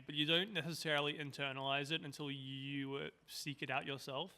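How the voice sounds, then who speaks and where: A man's voice: medium pitch, level tone, fairly quick, bright, forceful tone. A man as a podcast guest, chatting casually with rambling asides.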